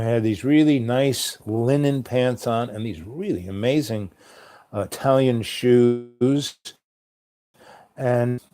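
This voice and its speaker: A man's voice: medium pitch, a little mellow. A middle-aged man telling a long personal story in a rambling, conversational way, full of ums and you-knows. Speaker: storyteller host. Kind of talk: rambling spoken-word storytelling.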